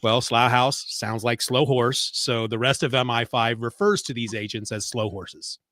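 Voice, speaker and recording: A man's voice: medium pitch, normal speed, fairly bright tone, dry recording. A middle-aged man co-hosting a podcast, chatting casually and rambling, a bit congested, swearing freely as he retells scenes with animation. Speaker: podcast co-host. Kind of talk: casual chat. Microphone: remote call mic.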